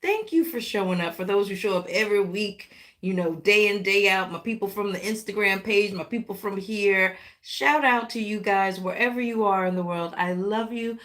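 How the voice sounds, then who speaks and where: A woman hosting a live tarot reading, talking warmly and directly to her viewers with pet names and playful exclamations. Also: medium pitch, moderate pace. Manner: affectionate, animated, talks directly to viewers. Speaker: tarot reader.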